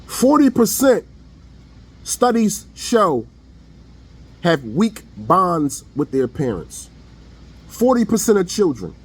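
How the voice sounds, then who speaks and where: A man's voice: sits high, wildly swooping pitch, slow pace, long pauses, breathy edge. A man giving a blunt, preachy opinion monologue online in casual slang. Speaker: online commentator.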